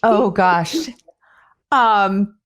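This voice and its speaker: A woman hosting a podcast tells a story in a relaxed, chatty way. Her voice sits at an ordinary middle pitch, and she grows animated as she acts out what others said. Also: extremely slow. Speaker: podcast host. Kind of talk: casual conversational storytelling.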